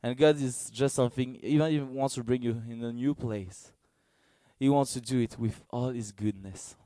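Earnest halting man preaching. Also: mid-range voice, no room sound. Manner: halting, searching for words, earnest; gets excited and loud in bursts. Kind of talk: sermon.

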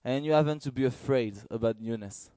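Male preacher, earnest and halting, dry close sound. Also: mid-range voice, no echo. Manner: halting, searching for words, earnest; gets excited and loud in bursts. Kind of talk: sermon.

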